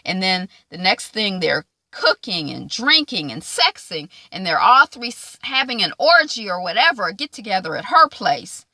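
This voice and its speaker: Animated woman recapping a TV episode. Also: mid-range voice, dry recording. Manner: animated, acts out quoted lines in quick asides. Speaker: TV show reviewer.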